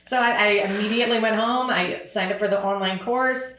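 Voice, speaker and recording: A woman's voice: medium pitch, a little fast, a bit bright, echoey room, slight background noise. An outspoken woman from Georgia with a Southern accent, chatting and joking as a podcast guest. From Savannah, Georgia. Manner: outspoken, joking, drawls "honey" and "Lord". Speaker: podcast guest, real estate agent. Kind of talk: casual podcast chat.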